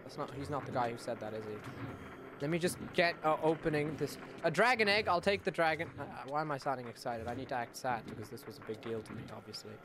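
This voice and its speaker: A young man in his late teens giving casual gameplay commentary, swearing a lot and swinging between loud outbursts and mumbled asides. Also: medium pitch, fast talker, noisy background. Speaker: gaming YouTuber.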